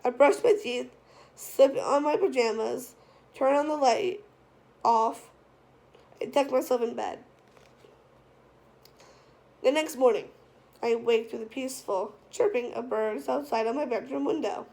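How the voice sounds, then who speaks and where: Woman narrator, first-person storybook reading; gravelly, a touch high. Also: a little slow, long pauses, a little mellow, poor audio. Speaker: audiobook narrator.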